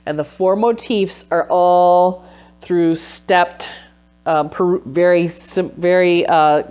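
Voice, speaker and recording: A woman's voice: lowish voice, steady tone, slow pace, darkish tone, clean tone. A woman recapping her research in a casual vlog, emotional and sniffling at times. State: teary, sniffling. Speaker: vlogger and textile researcher.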